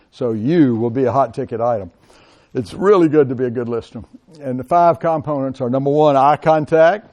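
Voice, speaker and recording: A middle-aged man giving a classroom lecture as a college lecturer, talking straight to his students and calling them guys. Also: fairly high pitch. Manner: animated, addresses students directly as guys.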